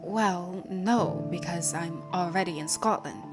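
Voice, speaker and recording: A woman's voice: on the low side, measured pace, loud music behind the voice, natural voice. A woman voicing a reckless young woman journalist from a game, in a put-on British accent. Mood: determined.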